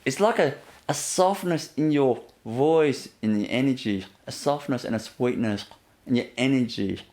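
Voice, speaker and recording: A man giving a gentle inspirational talk as a spiritual teacher, often laughing softly and leaning on "you know" as he repeats himself. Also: mid-range voice, animated, moderate pace. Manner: repetitive, fills with "you know".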